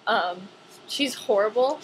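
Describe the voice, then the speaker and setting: A young woman ranting casually to camera in a vlog, chatty and animated, with lots of "like". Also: fairly high pitch, takes it slowly, slight background noise, rough recording. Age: young adult.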